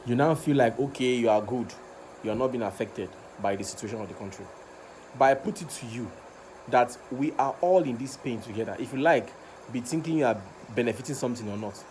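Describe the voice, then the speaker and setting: A man's voice: medium pitch, fairly quick, a little mellow, a little hiss or hum. A man with a Nigerian accent, recording a passionate rant video, repeating himself and stumbling over words as he gets worked up. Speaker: vlogger.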